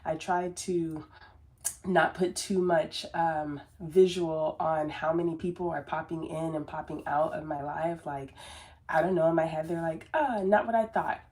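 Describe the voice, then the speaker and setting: A self-described very sensitive woman, working as a business coach, rambles earnestly through a casual motivational talk to camera, restarting often and using plenty of fillers. Her voice sits low and is a little mellow, level in tone and unhurried.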